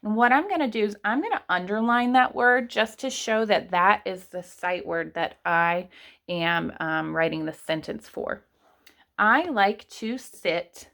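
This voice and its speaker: A woman's voice: mid-range voice, gravelly, a bit bright. A woman teaching kindergartners online, patiently stretching words out sound by sound. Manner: patient, speaks slowly to children. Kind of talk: online lesson for young children.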